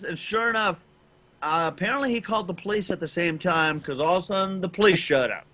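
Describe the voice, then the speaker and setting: A man from Los Angeles telling a rambling story on a gaming podcast, loudly acting out the people in it. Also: high-pitched, a little fast, a little hiss or hum. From Los Angeles, California. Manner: rambling anecdote with loud acted-out quotes. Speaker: podcast co-host. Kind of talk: casual storytelling chat.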